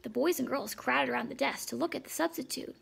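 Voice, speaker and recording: A woman narrating a children's story aloud in a measured, lightly expressive reading. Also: sits high, gravelly, husky. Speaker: audiobook narrator.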